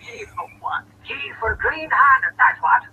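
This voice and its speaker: An actor playing an excitable, brash newspaperman in 1940s radio acting. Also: extremely high pitch, moderate pace, husky, exaggerated voice. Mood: excited. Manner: brash, talky, exclamatory. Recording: muffled old radio broadcast with hiss.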